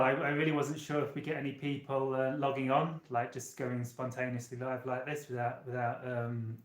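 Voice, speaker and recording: A man hosting a casual live stream from a small hotel room. He rambles chattily and talks straight to his viewers. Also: mid-range voice. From United Kingdom. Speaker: channeler and live-stream host. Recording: roomy echo.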